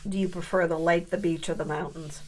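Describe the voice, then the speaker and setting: A woman's voice: fairly low pitch, fairly even intonation, brisk, a little mellow. A middle-aged woman chatting casually through a crafting tutorial, thinking aloud as she works and asking her viewers questions. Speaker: papercraft vlogger.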